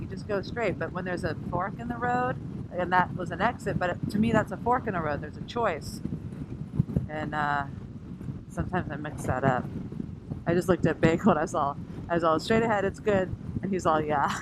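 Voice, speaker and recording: A woman vlogging from her scooter, chatting in a rambling way and laughing often. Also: fairly low pitch. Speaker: motovlogger. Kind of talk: casual chat while riding. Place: on a scooter on the road outdoors. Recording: road and wind noise. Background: traffic and engine noise.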